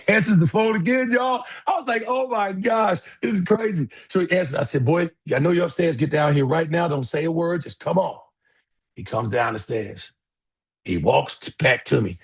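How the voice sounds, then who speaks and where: A middle-aged man tells a story from the stage, bringing the people in it to life with their voices. His voice is husky and gravelly, pitched a little high, and he talks straight to the crowd. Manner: animated storyteller, acts out voices, addresses audience as y'all. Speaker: keynote speaker. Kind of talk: storytelling keynote talk.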